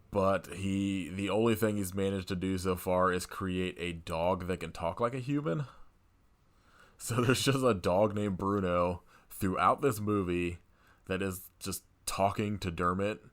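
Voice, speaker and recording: A man's voice: sits low, fairly even intonation, a little slow. A man co-hosting a podcast, recapping a movie in a casual, wry, rambling way with lots of fillers. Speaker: podcast co-host.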